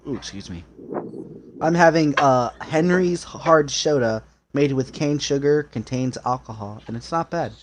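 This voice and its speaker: Relaxed man hosting a stream. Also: mid-range voice, measured pace, slight background noise. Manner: relaxed, gives brief announcements to chat. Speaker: host.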